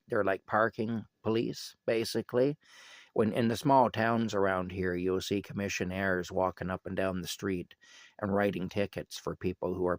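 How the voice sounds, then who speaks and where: A man's voice: on the low side, no room sound. A man telling a rambling story casually, with chuckles and asides.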